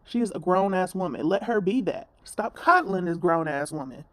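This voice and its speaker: A woman's voice: on the low side, expressive, normal speed. A woman commentator ranting bluntly in a reaction video, scolding and swearing.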